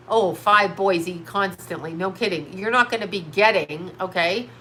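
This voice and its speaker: A woman's voice: medium pitch, bright, forceful tone, a little hiss or hum. A middle-aged woman hosting a livestream, chatting with viewers in a blunt, rambling, indignant way. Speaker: livestream host reading chat. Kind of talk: casual ranting livestream chat.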